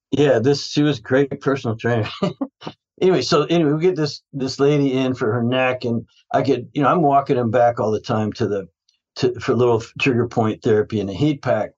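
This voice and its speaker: A man's voice: mid-range voice, fairly quick, darkish tone, lo-fi sound. A man who is a guest in a casual interview, telling stories about his health practice in a rambling way, often restarting his sentences and laughing.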